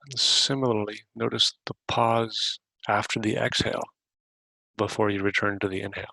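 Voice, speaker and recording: A man hosting a podcast, gently guiding a breathing meditation with unhurried questions to the listener. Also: fairly low pitch, fairly even intonation, vocal fry, dry recording, low-quality recording. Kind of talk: guided meditation.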